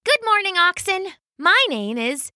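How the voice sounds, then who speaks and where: A woman voicing a shy, lonely young woman in a storybook, talking in a high, breathless, pleading way. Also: sing-song, measured pace, bright, forceful tone, dry recording, clean studio sound, heavily acted. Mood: timid.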